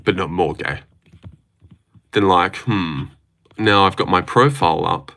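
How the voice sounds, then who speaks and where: A man's voice: deep voice, measured pace, a bit bright, slight background noise. A young Australian man casually chatting on a livestream, answering chat questions with a laid-back, jokey manner. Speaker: streamer reading chat.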